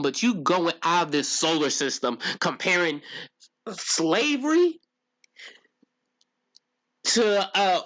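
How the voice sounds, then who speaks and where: A man's voice: high voice, fairly bright tone. A man streaming live and talking to his chat in a ranting, incredulous way, full of rhetorical questions.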